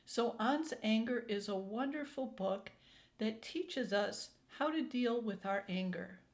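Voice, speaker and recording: A woman hosting a youth storytime, reading a children's picture book aloud in a gentle, deliberate way. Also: on the high side, animated. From Minnesota, USA.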